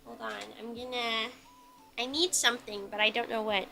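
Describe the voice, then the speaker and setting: A bubbly woman chats with her live viewers while she bakes, her voice pitched high with a gravelly edge. She talks in a teasing, playful way. Music plays clearly in the background. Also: fairly even intonation, moderate pace. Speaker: streamer baking on a live stream. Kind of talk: casual live-stream chat while baking.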